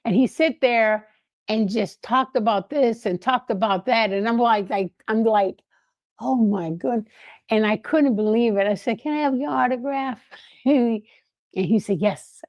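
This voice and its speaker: An older woman telling lively anecdotes in a casual way, laughing often and acting out what others said. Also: fairly high pitch, unhurried, no echo. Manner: animated, laughing, acts out quoted voices. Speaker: guest storyteller.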